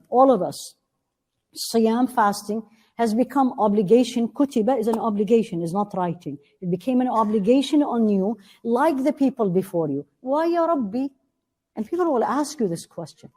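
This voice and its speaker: A woman's voice: a little high, dark tone. Earnest woman teaching a religious class. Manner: earnest, asks the class questions and answers them; recites Arabic verses quickly.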